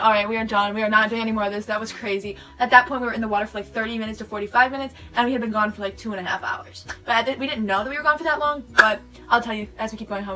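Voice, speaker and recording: A teenage girl hurries through a rambling storytime for her vlog, her words tumbling out with "like" everywhere. Her voice is bright and fairly high, and the sped-up audio comes from a camera mic a little far away, with faint music behind her.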